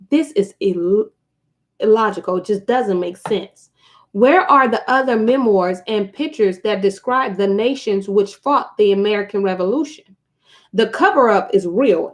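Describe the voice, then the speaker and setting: A woman hosting a casual live stream, reading a book aloud to her viewers, chatty and prone to digressions and asides. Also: a little high.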